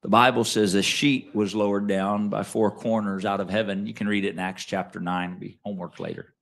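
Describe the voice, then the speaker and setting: A man preaching a sermon as pastor, swinging between quiet asides and loud emphatic lines and asking the congregation questions. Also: fairly low pitch, little pitch movement, brisk, vocal fry. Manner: conversational, asks the congregation questions.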